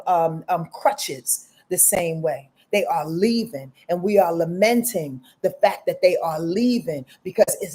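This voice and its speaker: A woman's voice: mid-range voice, warm tone. A woman hosting a live astrology stream, talking to viewers in an emphatic, casual and profane way. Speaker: astrology reader and host.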